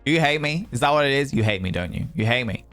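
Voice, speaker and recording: A man's voice: medium pitch, lively intonation, fast, fairly bright tone, faint music behind. A man hosting a livestream, chatting casually with viewers in a playful, theatrical way with mock outrage. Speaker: livestream host.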